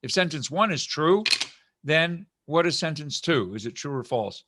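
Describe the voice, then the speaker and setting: A man's voice: on the high side, animated, normal speed, a bit bright, no room sound. Middle-aged guy teaching philosophy online, rambly, keeps asking all right?, dry computer mic sound. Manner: discursive, with frequent restarts and check-in questions. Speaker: philosophy professor. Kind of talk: online university lecture.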